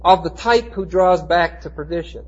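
A man teaching a Bible class, explaining Greek words with emphatic, slowed stress and frequent restarts. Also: a little high, slightly rough. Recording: dull lo-fi recording.

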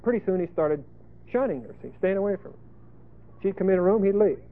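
A male preacher giving a folksy sermon, emphatic, with sudden loud bursts and asides. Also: high-pitched, animated, a little fast. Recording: tinny phone-like lo-fi sermon tape.

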